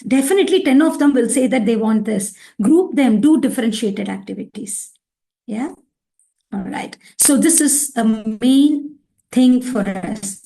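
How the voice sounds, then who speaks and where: A woman giving a teacher training lecture, animated and acting out little scenes. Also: fairly high pitch, gravelly. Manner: animated, acts out child and teacher voices.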